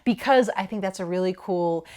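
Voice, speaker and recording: A woman's voice: lowish voice, a little fast, a little mellow. A young adult woman co-hosting a casual podcast chat, rambling through asides and swearing freely. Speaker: podcast co-host.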